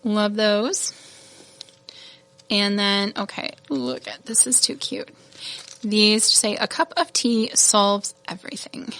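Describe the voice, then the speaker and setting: A woman's voice: medium pitch, takes it slowly, sharp tone. A woman hosting a casual product showcase, chatty and gushing, laughing at her own fumbles. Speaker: shop host showing new beads.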